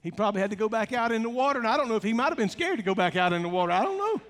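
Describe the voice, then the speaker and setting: A man preaching a sermon as pastor, animated, dropping to hushed tones when he quotes. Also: high voice, rapid-fire. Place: church sanctuary. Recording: long hall reverb, faint music.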